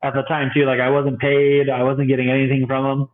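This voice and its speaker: Animated young man on a tinny line. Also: mid-range voice, a little fast. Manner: animated storyteller, acts out quoted voices, laughs often. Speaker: bi-vocational youth pastor, podcast guest. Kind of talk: casual podcast conversation.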